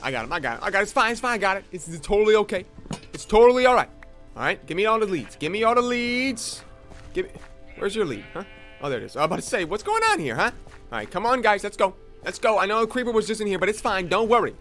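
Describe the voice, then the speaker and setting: A young man giving playful, excitable commentary while playing a survival game, chatting with his viewers. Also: high voice. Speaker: Minecraft let's play host. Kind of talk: casual gameplay commentary.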